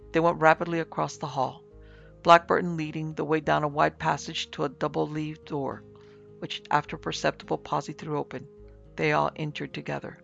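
A man narrating a classic ghost story in a formal, dramatic reading, in a slightly muffled recording with soft music. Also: on the high side, flat delivery, a little fast, vocal fry. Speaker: narrator and producer. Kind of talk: audiobook narration.

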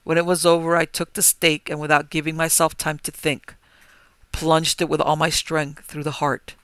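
A man narrating a gothic horror story in a measured, grave manner. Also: on the high side, flat delivery, clean tone, dry recording. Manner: measured, grave, rising to forceful cries. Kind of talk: dramatic gothic story reading.

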